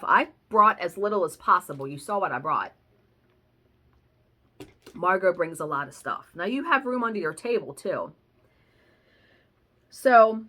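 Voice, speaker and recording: A woman's voice: mid-range voice, a bit bright. A woman vlogger telling a story in a casual, chatty way, swearing now and then. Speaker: cross-stitch vlogger.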